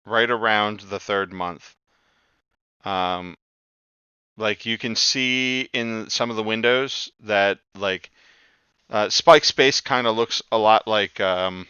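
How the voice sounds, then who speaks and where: A man's voice: on the low side, sharp tone, smooth, no echo, highs cut off. A man running a tabletop game as game master, narrating hesitantly with frequent ums and uhs.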